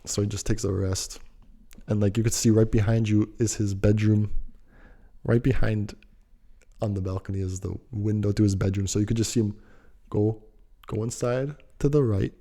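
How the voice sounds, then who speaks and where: A young man with a low, gravelly voice tells a story in a loose, rambling way. His tone is dark and mellow, and his speech is full of casual slang. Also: steady tone, moderate pace. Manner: rambling, slangy, laid-back.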